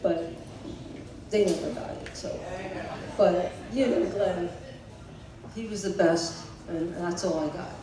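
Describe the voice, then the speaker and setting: A man in his sixties giving a tribute speech for his brother, telling stories in a halting way, with fillers and chuckles. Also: sits high, a loud crowd. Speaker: family member giving a eulogy. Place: memorial gathering in a large hall. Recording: echoey hall from far off, noisy.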